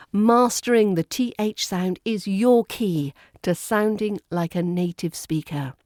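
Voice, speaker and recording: A woman with a British RP accent giving a podcast lesson on pronunciation, crisp and demonstrative with playful emphasis. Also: mid-range voice, darkish tone, dry recording, clean studio sound. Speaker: accent coach.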